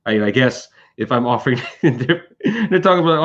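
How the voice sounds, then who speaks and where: A man's voice: medium pitch, fairly quick, few pauses, muffled recording. A man running a tabletop game session over an online call, chatting casually and telling stories with laughs. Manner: animated, laughing storyteller. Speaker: game master.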